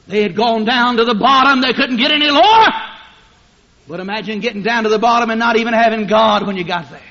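A fiery preacher man with a high, bright voice swings from hushed, low passages to drawn-out shouts. The recording sounds dull and lo-fi, like an old tape of a church service. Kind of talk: fiery sermon.

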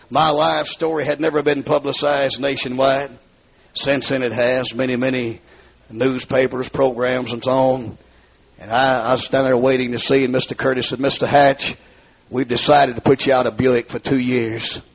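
A gravelly, husky-voiced man with a rural Southern accent tells his testimony to a hall with a balcony. His voice sits a little high and climbs into shouted revival preaching. The recording is dull and lo-fi. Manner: swings from low storytelling to high shouted preaching. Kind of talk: fiery revival sermon.

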